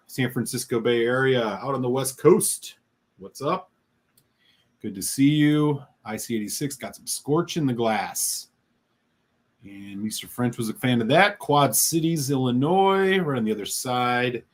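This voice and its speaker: This is a middle-aged man from the Chicago area hosting a live stream, with a voice pitched in the ordinary middle range. He talks upbeat and friendly while he reads the chat and welcomes each viewer by name. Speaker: host.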